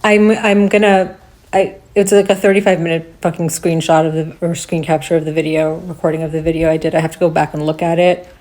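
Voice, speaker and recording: A woman's voice: low voice, flat delivery, fairly quick, darkish tone. A woman giving a casual, heated recap of a video, swearing often and acting out what people said.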